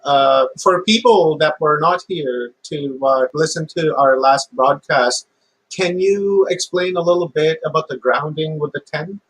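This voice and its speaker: A man's voice: on the high side, a little slow, a bit bright, slightly rough, poor audio. A man interviewing, agreeing briefly and asking questions with hesitant fillers.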